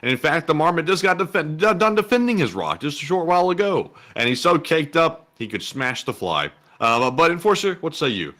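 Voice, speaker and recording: A man's voice: on the high side, very animated, a little fast, few pauses, sharp tone. A man co-hosting a casual livestream who reads donor messages in a laid-back, chatty way. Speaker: co-host. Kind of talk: casual livestream chat reading donations.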